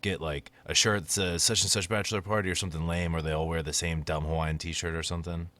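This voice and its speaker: A man's voice: sits low, little pitch movement, fast, sharp tone, dry recording. A man co-hosting a casual podcast, trading playful, boastful jokes. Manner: playful, boastful joking banter. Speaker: podcast co-host. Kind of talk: casual chat.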